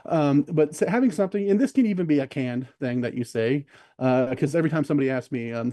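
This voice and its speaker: A man's voice: mid-range voice, fast talker, mellow, no room sound. A man speaking as a podcast guest in casual conversation, rambling with many fillers and restarts, and acting out what other people say. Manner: acts out quoted voices of other people.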